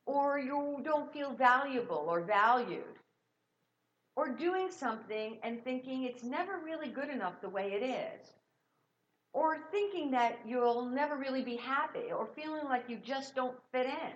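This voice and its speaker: Encouraging woman minister, lo-fi church recording. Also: a little high. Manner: warm, encouraging, leads the congregation in call-and-response. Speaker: guest minister. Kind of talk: sermon with sung jingles. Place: church sanctuary.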